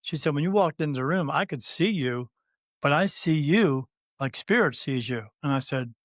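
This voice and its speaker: A man's voice: a little high, expressive, moderate pace, dry recording, studio quality. A man in his fifties, a guest on an interview, telling a personal story with many fillers and restarts and acting out the quoted dialogue. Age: 50s. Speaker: guest, spirit medium.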